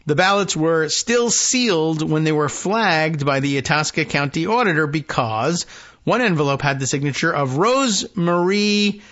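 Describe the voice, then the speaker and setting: A man's voice: fairly high pitch, animated, a little slow, fairly bright tone. A man hosting a political podcast, reading news aloud with dry, wry asides and trailing "I don't know"s. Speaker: podcast host. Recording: slightly dull lo-fi audio.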